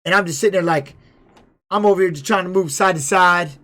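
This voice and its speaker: A man's voice: high voice, fast talker. A middle-aged man, a former fighter, swearing freely as he tells a rambling story on his live stream. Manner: profane, animated retelling.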